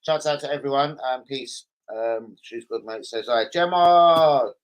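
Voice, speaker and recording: A young man, hosting a loose, sweary live stream and shouting out his viewers. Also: mid-range voice, steady tone, moderate pace, rough recording. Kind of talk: casual live stream chat.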